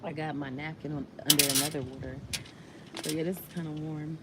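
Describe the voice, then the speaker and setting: A woman's voice: sits low, steady tone, brisk, very noisy. A woman vlogger chatting casually while eating, in a laid-back, chatty way.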